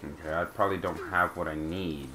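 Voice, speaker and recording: A man's voice: sits low, fairly even intonation, fairly quick, pushed and bright, slight background noise. A man hosting a let's play, chatting casually over gameplay and talking back to the game and its creatures.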